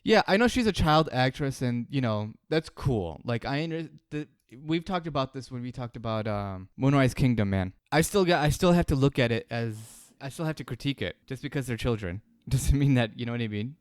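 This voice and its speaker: A man's voice: mid-range voice, fairly quick, hardly any pauses, clean tone, dry recording, clean studio sound. A man co-hosting a podcast, giving his opinions on a film in a casual, emphatic way. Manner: opinionated, emphatic, animated when mimicking. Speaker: podcast co-host.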